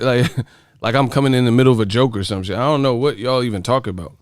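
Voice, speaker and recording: On his boxing channel's livestream, this adult man fires back at chat with laid-back, profane, laughing banter. He talks fast in a mid-range voice, and the recording is dry and studio quality.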